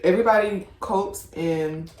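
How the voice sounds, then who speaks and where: A woman's voice: medium pitch, darkish tone, reverberant, distant mic, poor audio. A woman co-hosting a casual podcast chat, mostly answering with short agreeing remarks. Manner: slow, agreeing backchannels. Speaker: podcast co-host.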